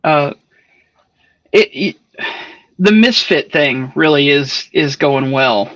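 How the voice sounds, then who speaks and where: Bright-voiced man, animated. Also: a little high, slow pace, dull audio. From Atlanta area, US. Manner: animated storyteller with many restarts. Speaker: book club guest. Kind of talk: casual livestream book chat.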